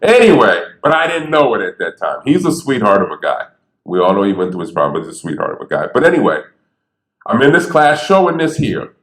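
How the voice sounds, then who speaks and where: A man who stutters, telling stories on stage in a lively, conversational way and acting out the people he quotes. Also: on the low side, fairly quick. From Bridgeport, Connecticut. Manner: animated, conversational, acts out quotes. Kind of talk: storytelling talk. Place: theater stage. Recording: echoey theater.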